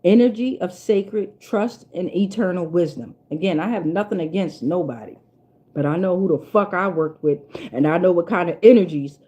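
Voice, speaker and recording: A woman's voice: lowish voice, moderate pace, warm tone. A woman giving a casual spiritual tarot reading in a blunt, profane and preachy way, repeating lines for emphasis. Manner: emphatic, repeats herself for weight. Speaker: tarot reader.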